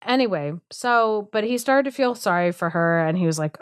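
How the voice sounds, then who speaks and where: A woman retells an old fairy tale on a podcast, loose and chatty, dropping "like" everywhere and slipping into quick impressions of the characters between sarcastic comments. Her voice is smooth and clear at a middle pitch. The sound is dry and close, with no room around it. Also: animated, no echo. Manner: chatty, full of "like", acts out characters' lines with sarcastic asides. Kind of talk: casual storytelling chat.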